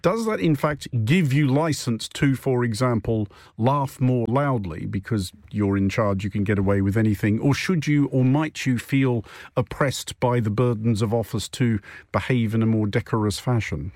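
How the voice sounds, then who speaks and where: A man's voice: mid-range voice, normal speed, a little mellow, no echo. A man hosting a studio panel show on radio, with dry, wry chatter and the odd chuckle. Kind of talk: witty studio panel chat. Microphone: studio mic.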